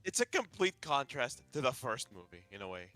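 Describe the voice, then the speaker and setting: A man's voice: mid-range voice, sing-song, normal speed, pushed and bright, no echo. A man in a casual voice chat with friends, blunt and teasing with crude jokes.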